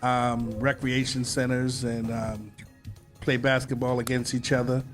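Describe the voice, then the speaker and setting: Man from Boston, slow speech, flat tone, hesitant radio guest. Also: medium pitch, faint music behind. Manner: slow, hesitant, many fillers. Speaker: singer and guest. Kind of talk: casual radio interview.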